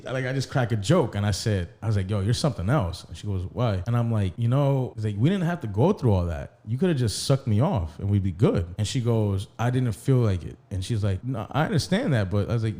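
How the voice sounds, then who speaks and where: A man's voice: medium pitch, brisk. Profane storytelling man on a podcast. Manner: animated, profane, acts out quoted dialogue. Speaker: podcast co-host. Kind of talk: casual storytelling.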